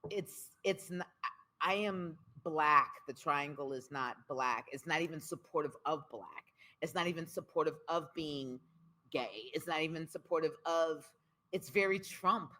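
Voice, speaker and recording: In an unhurried, low voice, this woman opens up candidly during an interview where she's the guest. As a spoken word poet, she leans on repetition for rhythm and speaks with strong, expressive emphasis.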